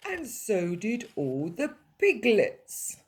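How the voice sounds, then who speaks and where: A woman reading a picture book aloud to young children in a playful, animated way, adding sound effects. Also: medium pitch, slow, noisy background. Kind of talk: storybook read-aloud for children.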